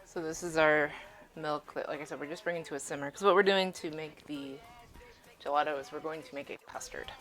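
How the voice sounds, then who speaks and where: A woman's voice: low-pitched, fairly even intonation, fairly quick, a bit bright. A woman streaming from her home kitchen, chatting casually as she cooks, swearing freely and laughing often. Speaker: cooking streamer. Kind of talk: casual live-stream chat while cooking.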